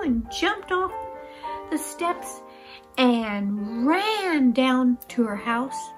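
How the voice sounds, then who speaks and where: Expressive woman reading a children's story. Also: fairly high pitch, slow. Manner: expressive, exclamatory. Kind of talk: read-aloud children's story. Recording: guitar music behind.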